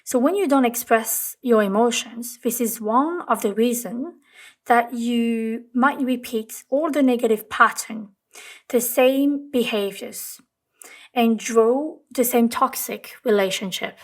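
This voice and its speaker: A woman hosting a self-help talk, speaking gently and reflectively, repeating phrases for emphasis. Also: on the high side, slow pace. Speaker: host.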